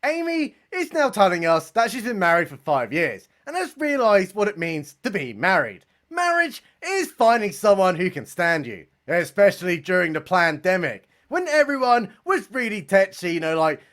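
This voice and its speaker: A young man giving sarcastic, mocking commentary as he reviews a comedy special, with deadpan asides and casual swearing. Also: sits high, normal speed, few pauses.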